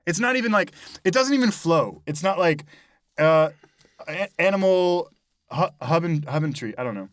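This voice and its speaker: A young American man with a somewhat higher voice, bantering on a comedy podcast. He reacts with mock outrage and quick exclamations. His voice is recorded dry and close. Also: expressive, no room sound. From United States. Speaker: co-host. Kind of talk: improvised comedy podcast chat.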